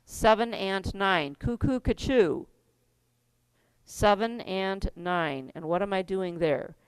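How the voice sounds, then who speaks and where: Middle-aged lady teaching keyboard, chatty, laughs a lot, smooth voice, dry sound. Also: medium pitch, slow pace, no room sound. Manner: chatty, laughs often, step-by-step instructions. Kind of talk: teaching a music class.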